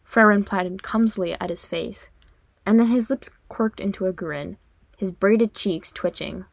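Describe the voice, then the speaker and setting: A woman reading fiction aloud as an audiobook narrator, in an expressive storytelling manner. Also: medium pitch, measured pace, vocal fry, dry recording. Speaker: audiobook reader.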